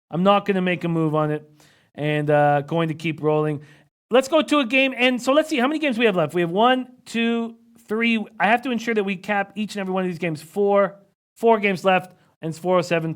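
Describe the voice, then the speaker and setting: A man with a fairly high voice hosts a live betting stream, running through odds, averages and line moves. He talks quietly and close to the mic, and he keeps the numbers coming fast. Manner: rapid stat-heavy rundown, reads out chat comments. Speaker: sports betting analyst.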